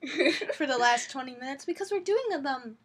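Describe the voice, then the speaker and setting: A young woman co-hosting a podcast from home, chatting casually, laughing often and sounding drawn-out and tired. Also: sits high, animated, a bit bright. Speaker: podcast co-host. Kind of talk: casual chat.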